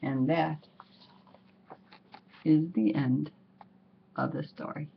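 Woman, children's story read-aloud, expressive, lowish voice, muffled lo-fi recording. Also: slow pace, vocal fry, husky. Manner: expressive, drawing out words for effect. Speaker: storybook reader.

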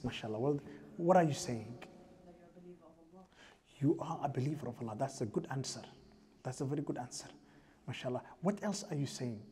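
A man's voice: on the high side, a little mellow, a little hiss or hum. A man giving a mosque lecture as imam, asking the audience rhetorical questions and chanting scriptural verses in a raised voice.

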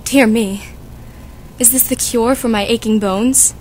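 A woman's voice: fairly high pitch, steady tone, a little mellow, slight background noise, natural voice. A woman playing a fussy, chatty old nurse who complains and teases, reading for a school audiobook. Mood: fussing. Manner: complaining, teasing, drawn-out.

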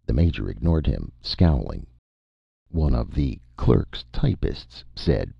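Very deep gravelly male narrator. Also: very animated, a little slow, no echo, dull audio. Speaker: audiobook narrator. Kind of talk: scripted first-person narration.

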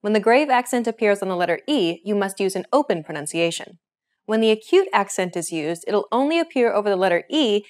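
A woman hosting a scripted beginner language lesson. She explains each grammar point in a clear, steady teaching voice. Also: medium pitch.

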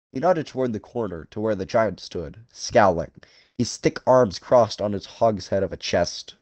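A male narrator reading a story aloud in a measured, dramatic way, with a lively, wide-ranging pitch. The sound is dry and close to the mic, with no room audible. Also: no room sound, muffled recording. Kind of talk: scripted audiobook narration.

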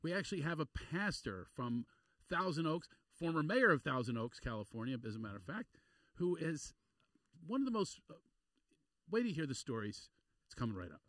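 A man from Philadelphia hosting a podcast, chatting in an animated, joking way. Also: fairly high pitch, fairly quick, no room sound. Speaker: podcast host and comedian. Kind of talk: casual interview chat.

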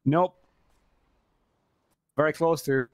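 A man's voice: fairly high pitch, steady tone, slow pace, slight background noise. A man streaming a role-play game and chatting in profane, joking banter.

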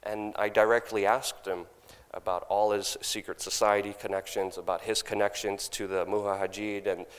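A man's voice: on the low side, little pitch movement, normal speed, clear, resonant tone. Man telling a wild story in a reverberant hall. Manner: acts out his own lines loudly, laughing. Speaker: speaker at a conference. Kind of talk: animated storytelling. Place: large conference hall.

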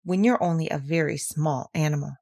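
A woman's voice: deep voice, fairly quick, a little mellow, voice pushed down. A woman voicing a small, timid male piglet who talks nervously and fidgets.

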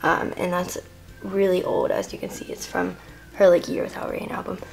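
A woman's voice: fairly low pitch, level tone, normal speed, vocal fry. A teenage girl giving a rambling, filler-heavy room-tour vlog to a handheld camera in her bedroom. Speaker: vlogger.

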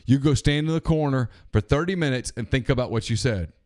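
A man's voice: medium pitch, fairly quick, a little mellow, lightly acted. A man doing a stern scolding mother. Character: stern mother scolding her young son.

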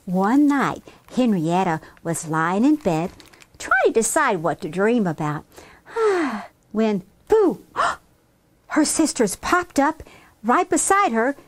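A woman reading a children's storybook aloud in a playful, animated way. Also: a little high, slow, a little hiss or hum. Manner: animated, playful, talks to puppet. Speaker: storybook reader.

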